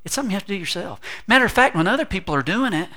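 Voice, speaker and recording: A middle-aged man delivers a sermon in a bright, forceful voice that sits a little high for a man. He swings between big, emphatic declarations and soft, quiet asides, with humor and acted-out voices woven through. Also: very fast. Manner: animated preaching with humor and asides. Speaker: pastor.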